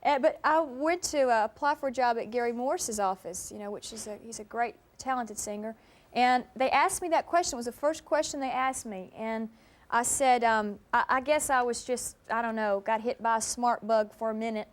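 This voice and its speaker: Brief: young Southern woman, high voice, chatty storyteller who laughs a lot. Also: normal speed. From Mississippi, US. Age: 20s. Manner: chatty, laughs often, tells stories. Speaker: guest singer. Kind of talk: casual interview chat.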